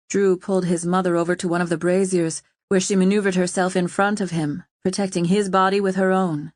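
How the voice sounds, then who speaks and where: A woman narrates a fantasy audiobook in a steady, measured way, her voice sitting fairly low. The recording is dry and close, with no room echo.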